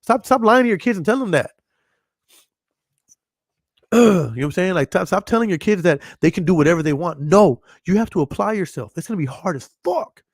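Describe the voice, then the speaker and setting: A man with a slightly high voice hosts a podcast, speaking bluntly and swearing freely. He rambles, restarting his sentences over and over. The sound is close and dry, with no room around it. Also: expressive, a little fast, dry recording. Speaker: podcast host. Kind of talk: casual chat.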